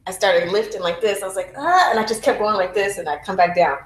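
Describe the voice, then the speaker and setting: A woman's voice: mid-range voice, steady tone, quick pace, echoey room, low-quality recording. A mother telling her home birth story to a group, candid and profane, acting out her own screams. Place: room at a baby celebration.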